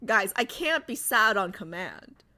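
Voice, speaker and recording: A woman's voice: mid-range voice, very animated, a little slow, pushed and bright. A woman streamer in casual livestream chat, chatty and giggly, reading viewer comments aloud.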